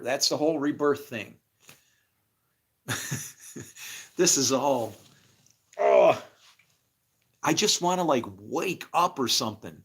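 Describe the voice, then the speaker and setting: A man talks through his faith in a loose, rambling monologue. His voice sits a little high and swings widely up and down. He swears freely and slips into acted-out snippets of conversation. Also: fairly bright tone. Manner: swears freely, acts out imagined dialogue, laughs often. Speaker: spiritual speaker.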